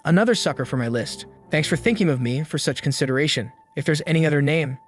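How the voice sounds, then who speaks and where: Brief: narrator as a smug, falsely polite young schemer, talk slightly high, music under. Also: male voice, quick pace, natural voice. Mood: scheming.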